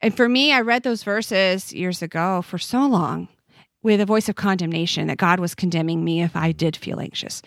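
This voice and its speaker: A woman's voice: fairly low pitch, moderate pace, gravelly, dry recording. Earnest woman guest, dry close sound. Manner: earnest and reflective, speaks from faith. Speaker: podcast guest, author. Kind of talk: conversational interview.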